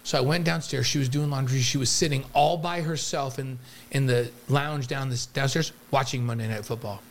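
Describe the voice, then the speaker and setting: A man's voice: mid-range voice, steady tone, normal speed, a little hiss or hum. A man co-hosting a sports podcast, telling stories animatedly with frequent stammers. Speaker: podcast co-host. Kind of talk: casual sports chat.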